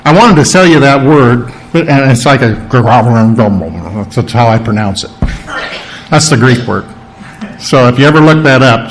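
A man preaching a sermon in a conversational way, who repeats words for emphasis and often clears his throat. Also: medium pitch, animated, moderate pace, a bit bright.

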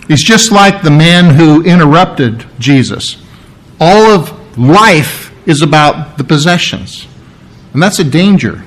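A man's voice: on the high side, animated, slow pace, fairly bright tone, poor audio. A man preaching a sermon, explaining scripture word by word in an earnest, teacherly way and repeating key phrases for emphasis. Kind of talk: sermon with Bible reading.

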